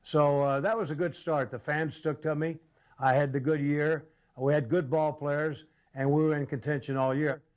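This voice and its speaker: An older former ballplayer recalling his career in an interview, relaxed and halting, with fillers. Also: a little high. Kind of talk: interview reminiscence.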